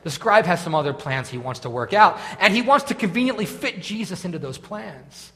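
Pastor guy preaching, really lively ups and downs, slightly high voice, swings loud to quiet. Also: fairly quick, long reverb tail. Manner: animated, conversational, swings from loud reading to quiet asides. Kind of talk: sermon.

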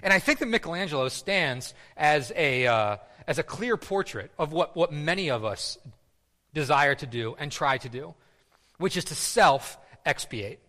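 A man's voice: on the high side, lively intonation, measured pace, bright, forceful tone. A man preaching a sermon in a casual, conversational way, often repeating words and using fillers. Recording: long reverb of a hall.

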